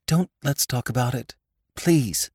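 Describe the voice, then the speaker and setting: A man reading aloud voices a distressed young woman who pleads softly and breaks into choked cries. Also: very deep voice, a little slow, breathy edge, no echo, studio quality, pitched above the performer's own voice, heavily acted. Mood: pleading.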